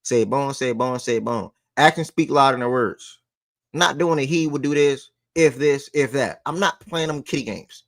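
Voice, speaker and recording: A man in his twenties hosting a casual sports talk show, animated, swearing and talking straight to viewers. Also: medium pitch, normal speed, dry recording, clean studio sound. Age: 20s.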